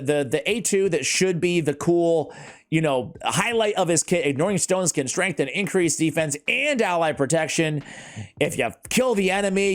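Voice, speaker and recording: A man hosting a casual gaming chat, rambling with lots of fillers and laughing often. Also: fairly high pitch. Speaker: YouTube gaming channel host.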